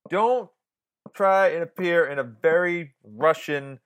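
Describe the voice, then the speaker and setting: A man's voice: fairly high pitch, takes it slowly. A man co-hosting a film podcast, chatting casually and animatedly, with many restarts and some swearing. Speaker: podcast co-host. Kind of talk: casual film review chat.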